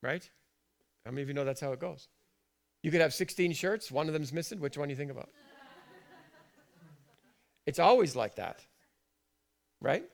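A male pastor gives a sermon in a church. His voice sits a little high for a man. He talks in an easy, conversational way and keeps asking the congregation questions, dropping to quiet asides and then rising to loud, stressed lines. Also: lively intonation, normal speed, gravelly, pauses often. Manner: conversational, asks the congregation questions, swings between soft and emphatic.

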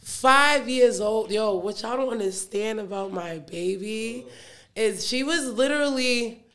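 A woman, a rapper and proud mother, telling stories in a casual radio interview, animated and quick to laugh. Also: fairly high pitch. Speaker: rapper and mother of guest artist.

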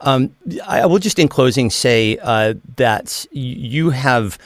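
A man's voice: mid-range voice, expressive, slow pace, no room sound, studio quality. A man hosting a podcast, friendly and casual, who calls his guest dude and man and often restarts his sentences. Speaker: podcast host. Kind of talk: podcast interview and sign-off.

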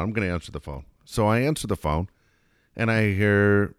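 A man hosting a talk show, telling a profane, self-mocking story in a lively, animated way. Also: lowish voice, brisk, dry recording, clean studio sound. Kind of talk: casual anecdote storytelling.

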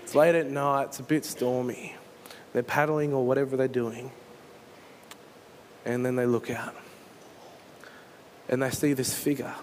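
Earnest pastor preaching. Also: male voice, medium pitch, flat delivery, a little slow, long pauses, a little hiss or hum. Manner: earnest storytelling, dramatizes scenes. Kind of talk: sermon.

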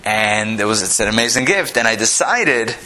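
A man's voice: fairly low pitch, animated, moderate pace, bright, forceful tone, voice pushed down, rough recording. A man voicing a talking dog, a retired spy who tells his life story in a boastful, matter-of-fact way. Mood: proud.

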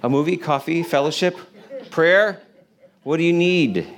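A man's voice: fairly high pitch, a little slow. A man preaching an informal sermon to a congregation in a room, earnest and conversational, often restarting his phrases. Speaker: pastor.

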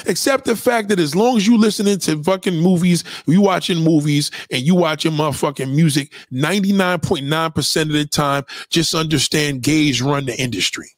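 A man's voice: a little high, brisk, hardly any pauses, no room sound, studio quality. A man delivering a blunt, heated, profane rant to his followers, repeating his points. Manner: blunt, heated, repetitive, swearing. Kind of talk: profane ranting monologue to followers.

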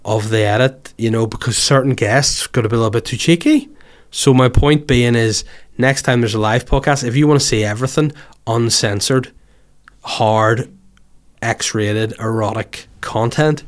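A man hosting a casual podcast, his voice still a little hoarse from illness. He jokes and rambles, jumping between loud bursts and mumbled asides. His pitch sits in the middle range. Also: moderate pace. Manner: animated, jokey, swings loud and soft. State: hoarse after covid. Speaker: podcast host.

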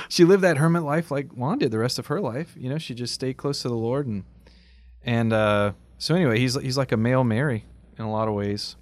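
A man co-hosting a casual Catholic talk show, telling the story with animated emphasis and easy laughs. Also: medium pitch, a little fast, no echo.

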